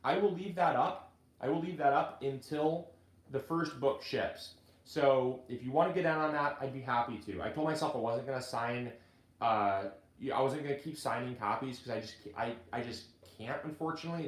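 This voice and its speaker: A man hosting a casual gardening video, chatting in a halting way with many restarts. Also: mid-range voice, reverberant. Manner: chatty, halting restarts, gets choked up reading. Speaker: gardening channel host and author. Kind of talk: casual live video chat.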